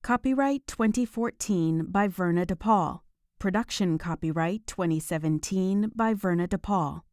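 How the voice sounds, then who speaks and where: A woman narrating a romance audiobook in a calm, even storytelling manner. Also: fairly low pitch, measured pace, no room sound, clean studio sound. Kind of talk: scripted narration.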